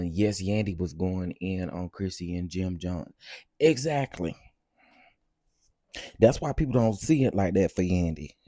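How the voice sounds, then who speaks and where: A man hosting a live stream of reality TV gossip, talking in a sassy, expressive way straight to his viewers. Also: lowish voice, no echo, studio quality.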